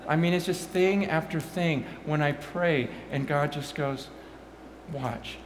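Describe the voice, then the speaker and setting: A pastor telling animated stories, swinging from quiet asides to loud bursts and repeating his words as he goes. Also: mid-range voice, normal speed, reverberant, noisy background. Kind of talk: animated storytelling talk.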